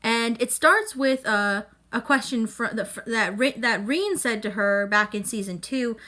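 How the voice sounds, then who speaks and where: A young woman hosting a casual reaction vlog about an anime episode, talking in an excitable, emphatic, rambling way with lots of fillers. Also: a little high, unhurried. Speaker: anime reviewer YouTuber.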